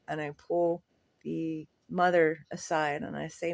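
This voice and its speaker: A man's voice: a little high, level tone, a little slow, vocal fry, no room sound. Candid rambling male storyteller, dry sound. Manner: candid, rambling, with swearing and nervous laughs. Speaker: flea market vendor. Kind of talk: casual storytelling monologue.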